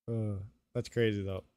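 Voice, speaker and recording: A man hosting a live stream, thinking aloud through calculations with excitable bursts and laughs. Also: lowish voice, dry recording. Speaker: crypto mining streamer.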